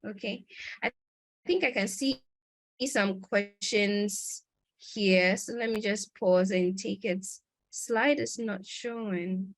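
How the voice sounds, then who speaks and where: A woman presents a conference lecture over a video call, talking at a middle pitch. She explains things patiently, with frequent pauses and self-corrections. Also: steady tone. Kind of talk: lecture on research methods.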